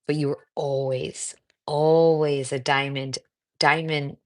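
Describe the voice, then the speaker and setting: Host: middle-aged woman from the US, low voice, casual and encouraging livestream chat, reads viewer comments. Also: level tone, slow. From United States. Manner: chatty, warm and encouraging, with frequent fillers. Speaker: cancer coach hosting a livestream.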